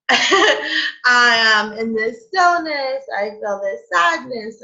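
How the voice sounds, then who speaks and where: Emotional woman with a bright, lo-fi voice. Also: high voice, lively intonation, very slow. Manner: emotional, laughs and near tears, many "like" fillers. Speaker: host of a spiritual coffee chat. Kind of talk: casual heartfelt talk to a live group. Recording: dull lo-fi stream audio.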